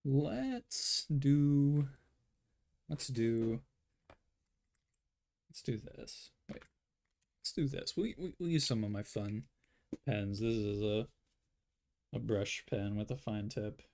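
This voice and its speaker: Guy muttering to himself while drawing, rambly, gravelly voice. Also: mid-range voice, slow pace, pauses often, a little mellow. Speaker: artist. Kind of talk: casual drawing commentary.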